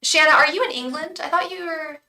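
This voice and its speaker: Bright-voiced woman tarot reader, far from mic. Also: high voice, a little fast. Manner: chatty, thanks donors by name, chants invocations to spirit guides. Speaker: tarot reader and psychic on a live stream. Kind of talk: casual live-stream chat with viewers.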